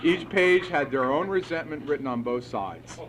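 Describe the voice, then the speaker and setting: A middle-aged man telling his own recovery story to a meeting, animated, acting out conversations and chuckling as he goes. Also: fairly high pitch, normal speed, a little hiss or hum, low-quality recording. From United States. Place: meeting hall.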